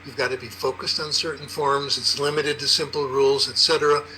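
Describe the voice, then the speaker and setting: An older man on a panel explaining research in a lively, anecdotal storytelling way. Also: mid-range voice, a little fast, a little hiss or hum, rough recording. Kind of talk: conversational explanation.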